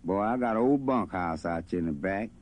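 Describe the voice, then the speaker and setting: A man's voice: low-pitched, lively intonation, brisk. A man voicing a busy older mill owner who talks in a blunt, dismissive country way. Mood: gruff.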